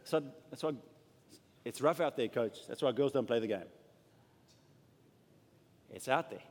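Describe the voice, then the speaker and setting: A man preaching a sermon and praying aloud, moving from loud declarations to hushed, intimate lines. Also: mid-range voice, lively intonation, unhurried, pauses often. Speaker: pastor. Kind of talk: sermon with prayer. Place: church. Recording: church hall with long reverb.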